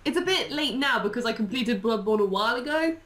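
A woman's voice: fairly high pitch, animated, brisk, a bit bright. Bubbly chatty woman in an echoey room. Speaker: YouTuber being interviewed. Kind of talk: casual chat.

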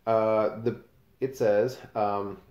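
A male teacher with a fairly low, soft-edged voice walks through a novel in a relaxed, explanatory way, stopping to read passages aloud. The sound carries a roomy echo around him. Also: extremely slow. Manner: casual explanatory, reads quotes aloud with page numbers.

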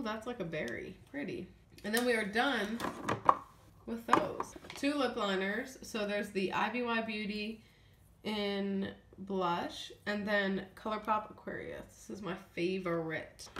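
A young woman vlogging casually about her makeup, rambling with ums and a bit sniffly from feeling unwell. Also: mid-range voice. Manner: chatty, rambling, trailing off with ums. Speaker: beauty vlogger. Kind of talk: casual makeup declutter chat. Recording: echoey room with faint noise.

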